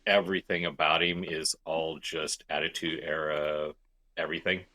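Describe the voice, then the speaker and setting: A man's voice: a bass voice, flat delivery, normal speed, bright, forceful tone. A man co-hosting a podcast in casual chat, talking emphatically and repeating phrases to stress them. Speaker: podcast co-host.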